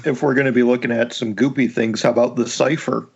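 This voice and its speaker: A man co-hosting a podcast with dry jokes. His voice is gravelly and husky, with a lively pitch, and the audio is dull and lo-fi. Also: fast talker. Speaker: podcast co-host and author. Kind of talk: casual podcast chat.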